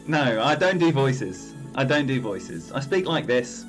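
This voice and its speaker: Male streamer, chatty live game commentary, mid-pitched, soft music bed. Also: very animated, a little slow, few pauses. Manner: chatty, rambling, greets viewers by name.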